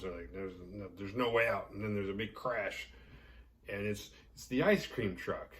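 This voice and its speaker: A man's voice: medium pitch, far from the mic. A man hosting a horror movie podcast, retelling a film's plot in a loose, rambling way, full of fillers and swearing. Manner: rambling, heavy filler "like", profane and jokey. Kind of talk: casual movie recap.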